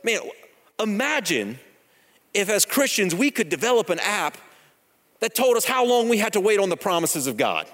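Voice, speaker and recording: A man's voice: high voice, big pitch swings, normal speed, fairly bright tone. A man in his thirties preaching a sermon in a church, telling a personal story in a conversational, joking way. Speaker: pastor. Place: church sanctuary. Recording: long hall reverb.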